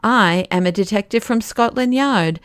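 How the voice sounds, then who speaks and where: A woman's voice: medium pitch, normal speed, smooth, no echo, close to an everyday voice. A woman voicing a stiff, officious male police detective in an audiobook, speaking formally.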